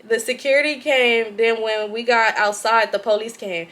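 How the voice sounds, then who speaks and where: A young woman with a Southern Californian accent, a vlogger reading a viewer's story aloud with lots of profanity and animated reactions. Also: on the high side, a little slow.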